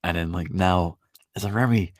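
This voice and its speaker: A young British man co-hosting a podcast in casual chat, quick and playful with his jokes. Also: low-pitched, no room sound, studio quality. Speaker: podcast co-host.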